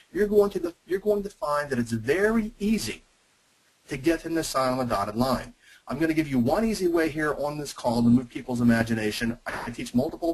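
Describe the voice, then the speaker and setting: A man runs a teaching webinar on persuasion, his voice a little husky at an ordinary middle pitch. He makes his points emphatically, in short, punchy lines. He speaks directly to the people listening on the call. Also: poor audio.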